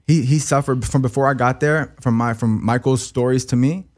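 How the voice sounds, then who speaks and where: A young man as an interview guest, talking emotionally in a halting, profane way that stumbles and repeats. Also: medium pitch, fairly even intonation, darkish tone.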